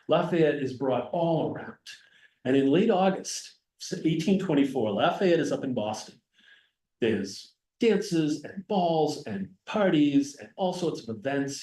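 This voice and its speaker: A man's voice: medium pitch, mellow. New guy lecturing on history, chatty and joking, sounds far off in an echoey hall. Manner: conversational, digressive, jokes with the audience. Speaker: historian giving a talk. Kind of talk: casual public history lecture. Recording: roomy sound from a distance.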